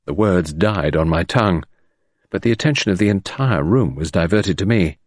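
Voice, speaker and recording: Low-voiced male audiobook narrator. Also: lively intonation, normal speed, no echo, clean studio sound. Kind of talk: scripted narration of a mystery novel.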